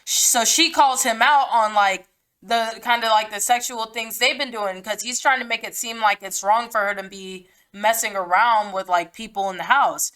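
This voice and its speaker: A woman's voice: on the high side, normal speed, fairly bright tone. A woman hosting a podcast, giving a casual book reaction in a blunt, slangy, profane way with lots of "like" fillers. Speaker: podcast host.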